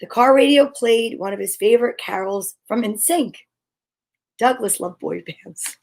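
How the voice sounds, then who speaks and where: A woman reading a picture book aloud to children, expressive and often dropping to a hush. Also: fairly high pitch, measured pace, gravelly. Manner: expressive, dropping to hushed near-whispers. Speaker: storyteller.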